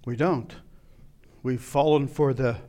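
A man preaching a sermon, retelling a scripture story and acting out its scenes with sudden loud outbursts. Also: mid-range voice, steady tone, slow. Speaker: pastor.

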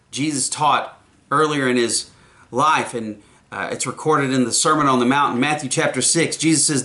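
A man's voice: mid-range voice, lively intonation, unhurried, fairly bright tone. A man preaching a sermon, earnest, often repeating the first words of a phrase.

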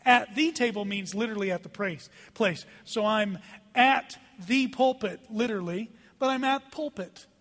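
A male pastor preaching a sermon, emphatic and animated, sometimes dropping to a hushed voice. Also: sits high, moderate pace. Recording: hall reverb.

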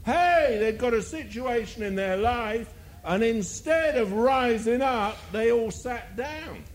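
Animated, lively preaching man. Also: very high voice, slow pace. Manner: animated, rhetorical questions, mocking asides. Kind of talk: sermon.

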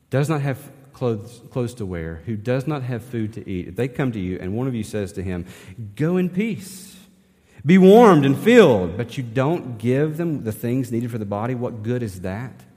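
A man preaches a sermon from the pulpit, his voice sitting at an ordinary mid-range pitch. He keeps it conversational and checks in with the congregation through rhetorical questions. The sound carries a long reverb from the church sanctuary. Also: normal speed, warm tone. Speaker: pastor.

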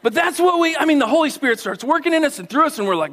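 A man preaching a sermon in a church, animated and playful, acting out voices and calling on the crowd. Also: very high voice, quick pace, few pauses. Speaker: pastor.

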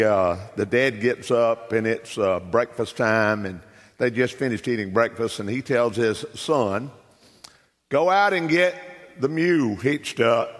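A man's voice: mid-range voice, in a large hall. A man from South Carolina preaching as a guest, in a folksy, conversational way with many fillers. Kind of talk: sermon with folksy storytelling. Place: church sanctuary.

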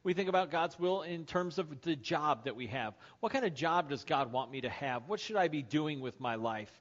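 With a fairly high, expressive voice at a moderate pace, a male pastor begins his sermon by telling a joke, dramatizing the characters' lines and their shouts. It's recorded as lo-fi sermon podcast audio.

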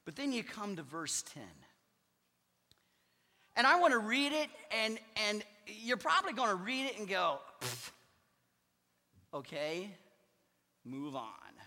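Pastor type, male. High, bright, lively voice. Preaches with big swings from loud to quiet, in a church with a long echo. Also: slow, long pauses. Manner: emphatic preaching, swings between loud declarations and hushed asides. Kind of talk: sermon. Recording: long hall reverb.

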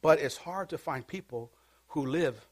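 A man preaching a sermon in church, dropping to a hush and rising to loud calls, coaxing responses from the congregation. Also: a little high, unhurried, husky. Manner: swings from hushed to shouting, call-and-response preaching. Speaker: pastor.

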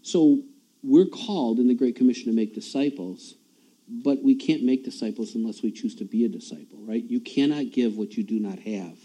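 A man's voice: mid-range voice, normal speed, dark tone, rough recording. A man preaching a sermon in a church, talking in a conversational way, often repeating words and chuckling at himself.

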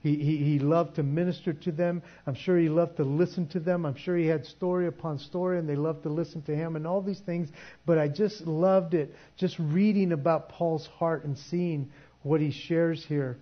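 A man's voice: on the high side, fairly even intonation, normal speed, dull audio. A man preaching a sermon in a conversational way, often restarting his sentences. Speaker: pastor.

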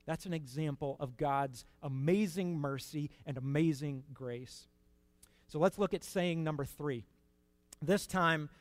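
A man preaching a sermon in an earnest, conversational way, rising to emphatic peaks and dropping to quiet asides. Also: a little high, no room sound.

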